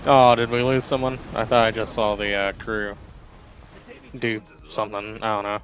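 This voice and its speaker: A man's voice: fairly low pitch, level tone, moderate pace, fairly bright tone. A man casually chatting and rambling as he streams a pirate game, often laughing at himself. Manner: chatty, rambling, self-deprecating. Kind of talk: casual gameplay commentary.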